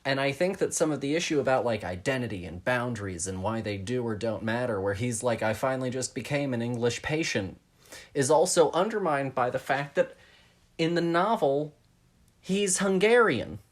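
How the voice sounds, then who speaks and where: A man's voice: medium pitch, expressive, normal speed. Thoughtful man hedging through a film chat. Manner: thoughtful, hedging, many restarts. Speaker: podcast co-host. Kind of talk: casual film discussion.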